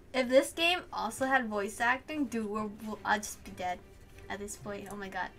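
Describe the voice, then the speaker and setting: A woman reading a visual novel aloud and reacting in an excitable, gushing way, swearing and laughing at the story. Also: fairly high pitch. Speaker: let's play host.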